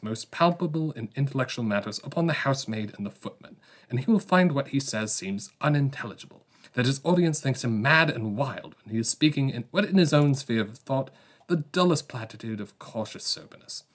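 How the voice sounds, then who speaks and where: A man's voice: lively intonation, a little fast, lightly acted. A man doing a stuffy English editor. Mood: lofty. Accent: English, put on. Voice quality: raised pitch, self-consciously bad imitation. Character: stuffy upper-class English male magazine editor.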